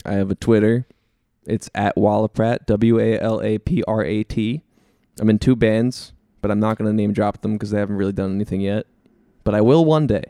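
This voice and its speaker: A young man chatting casually as a podcast guest, relaxed and laughing, a bit self-deprecating. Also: on the low side, moderate pace, no echo, clean studio sound. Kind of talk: casual chat.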